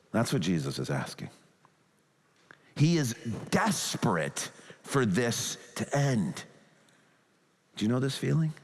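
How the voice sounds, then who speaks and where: A man preaching a sermon as a pastor, earnest and pleading as he talks. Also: high voice. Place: church sanctuary. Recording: long hall reverb.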